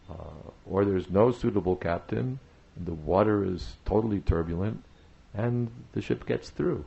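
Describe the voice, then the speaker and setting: A man giving a devotional talk on chanting, speaking in a measured way, pausing often with "uh" and repeating phrases for emphasis. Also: on the low side, creaky, mellow, highs cut off. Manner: measured, repetitive emphasis with frequent "uh" pauses. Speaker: spiritual teacher.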